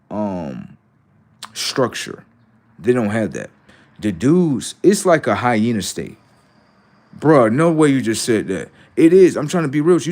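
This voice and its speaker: A man's voice: on the low side, darkish tone. Profane rambling man taunting his chat. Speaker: livestream host. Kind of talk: casual livestream talk to chat.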